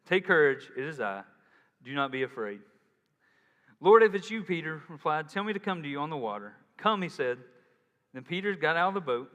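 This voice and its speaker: Animated male pastor preaching in a reverberant hall. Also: on the high side. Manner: casual, animated preaching with acted-out quotes. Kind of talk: sermon.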